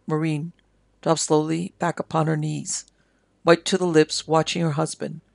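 An audiobook narrator reading a story in a measured, dramatic way. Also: medium pitch, level tone, gravelly, no echo. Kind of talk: scripted narration.

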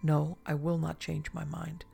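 A reader voicing a weary, sad Spanish noblewoman in an audiobook, speaking slowly and quietly. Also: mid-range voice, monotone, vocal fry, breathy edge, full character voice. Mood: grave, sorrowful. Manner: slow, grave and quiet. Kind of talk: audiobook reading.

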